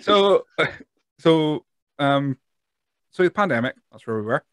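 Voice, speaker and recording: A man's voice: a little high, expressive, measured pace, a bit bright, clean tone, no echo. Scottish man hosting a casual podcast. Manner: rambling, laughing, swears casually. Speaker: podcast host. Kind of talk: casual interview chat.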